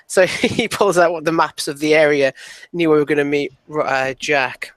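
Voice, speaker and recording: A man's voice: a little high, moderate pace, fairly bright tone, no echo, low-quality recording. A man playing a tabletop game, casual and given to laughing. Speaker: player.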